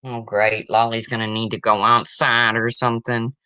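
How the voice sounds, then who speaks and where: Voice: medium pitch, level tone, moderate pace, pushed and bright, smooth, no echo. Chatty livestream joke-teller. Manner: chatty, chuckling, talks to chat. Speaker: livestream host telling jokes. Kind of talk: casual joke-telling livestream. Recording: dull slightly lo-fi stream audio.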